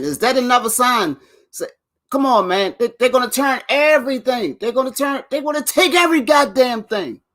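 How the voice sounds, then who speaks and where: A man's voice: extremely high pitch, fairly bright tone. A man hosting his own video channel, rambling and swearing as he talks straight to viewers and laughs between lines. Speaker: vlog host. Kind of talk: casual rant to camera.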